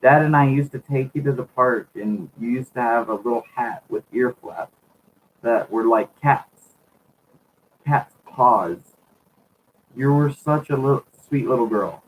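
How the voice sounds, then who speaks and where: A man's voice: mid-range voice, measured pace, long pauses, slight background noise, close to an everyday voice, poor audio. A man reading out the lines of a doting, sentimental middle-aged mother who gushes over her grown daughter. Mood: fond. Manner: gushing, nostalgic.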